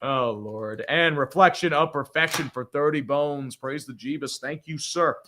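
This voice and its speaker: A man's voice: fairly high pitch, noisy background. A man hosting a casual live reaction stream, reading viewer donations and giving blunt, profane opinions. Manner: blunt and profane, quick opinions, frequent laughs.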